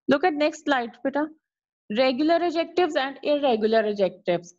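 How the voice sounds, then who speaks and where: A woman teacher giving an online grammar lesson, explaining slowly and repeatedly asking if it is clear. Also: high-pitched, no echo. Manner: slow, repetitive explaining, checking in with "clear?". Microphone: video call. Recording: dull lo-fi video call audio.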